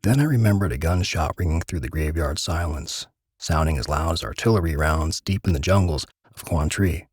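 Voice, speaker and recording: A man reading a gritty first-person crime story aloud in measured, dramatic narration. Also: rumbling low, a little mellow, slightly rough, no echo, clean studio sound.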